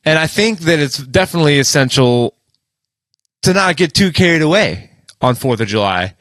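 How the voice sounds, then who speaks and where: A man's voice: on the high side, expressive, normal speed, fairly bright tone, dry recording. A man co-hosting a podcast in casual chat, jokey and often quoting others in playful voices. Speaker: podcast co-host.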